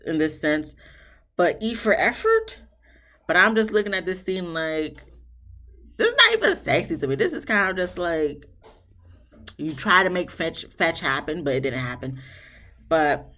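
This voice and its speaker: Deep-voiced woman recapping reality tv, casual and jokey, slangy. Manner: animated, jokey, slangy, quotes cast members in quick voices.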